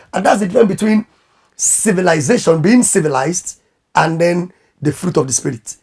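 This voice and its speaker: A man who is a pastor and marriage coach, giving animated advice in conversation and acting out quoted voices. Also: fairly high pitch, brisk, slightly rough.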